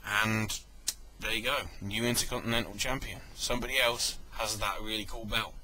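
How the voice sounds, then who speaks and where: A man's voice: on the low side, fairly even intonation, normal speed, crowd noise, low-quality recording. A man giving a casual spoken review, rambling and correcting himself, with joking asides. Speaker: wrestling event reviewer.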